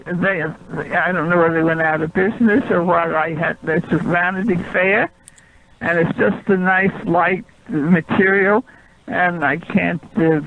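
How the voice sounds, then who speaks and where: A woman's voice: lowish voice, a little hiss or hum. An older woman on a phone call, rambling and hesitant, a bit bewildered. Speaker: prank call target. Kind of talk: phone conversation.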